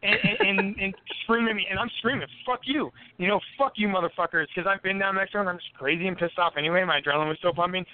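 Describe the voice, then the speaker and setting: A man's voice: high voice, steady tone, rapid-fire, few pauses, slight background noise. A man telling his stories as a podcast guest, a boxer from the United States, swearing constantly and laughing between anecdotes. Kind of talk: casual storytelling on a podcast. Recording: tinny phone-like line, dry.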